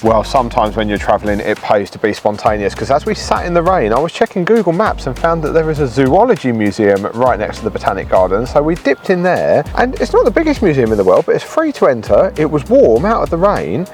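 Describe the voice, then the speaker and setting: Upbeat chatty man with a lively voice. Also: medium pitch, a little fast, few pauses, faint music behind. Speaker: travel vlogger host. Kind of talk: casual travel narration. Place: outdoors in a garden and old town streets, in rain.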